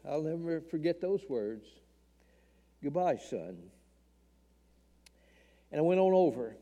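A man's voice: on the high side, dark tone. An older man from Tennessee, earnestly and emotionally telling a personal testimony in a church talk. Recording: long hall reverb.

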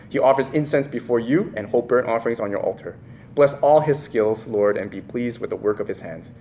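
A man's voice: fairly low pitch, slight background noise. A man preaching a casual sermon, often acting out the people in the story in their own voices. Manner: animated, voices the characters in the story; casual, many fillers and laughs.

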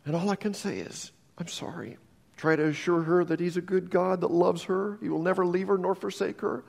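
A man's voice: sits high, fairly even intonation, brisk, gravelly, darkish tone. A man preaching a sermon as pastor, telling stories earnestly and often restarting his sentences. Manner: earnest storytelling with frequent restarts. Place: church sanctuary. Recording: long reverb of a church hall.

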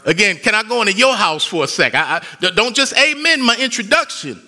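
A man preaching a sermon as pastor, moving between conversational asides and loud rising bursts. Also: high voice, very animated, a little fast.

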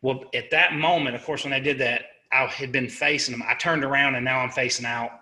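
Middle-aged man, very bright, tense tone, average pitch, halting and earnest interview guest. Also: steady tone. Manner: earnest and halting, with frequent restarts and self-corrections. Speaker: interview guest, army sergeant. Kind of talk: recounting a personal war story.

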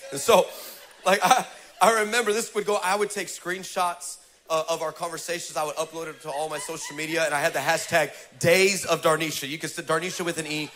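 Male preacher, funny animated storytelling, high bright voice, gets fired up. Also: brisk, a little hiss or hum. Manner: animated, humorous, builds to fervent preaching. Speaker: pastor. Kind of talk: comic storytelling sermon.

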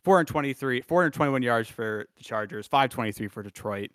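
A man's voice: medium pitch, brisk, dry recording. Laid-back man in dry sports chat. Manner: animated storytelling, laughs often. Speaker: podcast co-host.

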